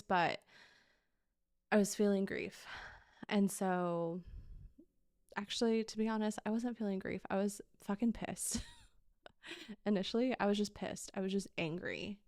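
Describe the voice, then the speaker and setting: A woman's voice: lowish voice, clear, resonant tone, dry recording, studio quality. A woman in her thirties hosting a podcast, telling a personal story in a candid, emotional way with casual swearing. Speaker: podcast host.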